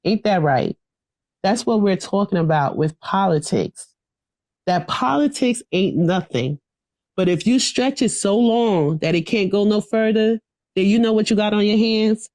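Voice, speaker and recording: A woman's voice: medium pitch, a little slow, a little mellow, dry recording, studio quality. A woman reciting a political speech to a class over a video call, in a rhythmic, preachy call-and-response manner. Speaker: political education speaker.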